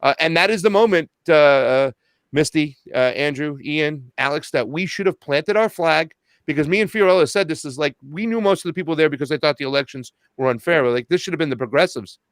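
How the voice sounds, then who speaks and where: A man in casual chat, telling a story with lively quoted dialogue. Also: on the high side, brisk, no room sound. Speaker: podcast host and activist guest.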